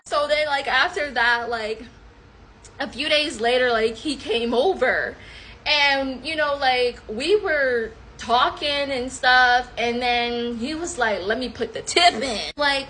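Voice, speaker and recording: Animated high-voiced young woman. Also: measured pace, slight background noise. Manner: animated and expressive, with loud outbursts and laughter; colloquial speech with many fillers. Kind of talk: casual storytime monologue.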